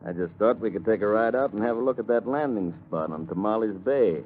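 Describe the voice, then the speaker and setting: A man's voice: on the low side, fairly quick, lightly acted. A man playing a cold, treacherous 1930s gangster. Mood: menacing. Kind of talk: 1930s radio drama acting. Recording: narrow lo-fi old radio recording with faint hiss.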